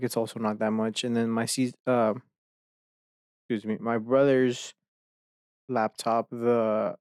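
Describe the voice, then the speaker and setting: A man at his home desk talks into a close microphone in a loose, unscripted podcast ramble. His voice sits in an ordinary middle pitch and sounds dry and close, with no room around it. He curses casually and breaks into laughs between words. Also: darkish tone, no room sound. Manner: rambling, swears often, laughs mid-sentence. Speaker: podcast host. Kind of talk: casual solo podcast chat.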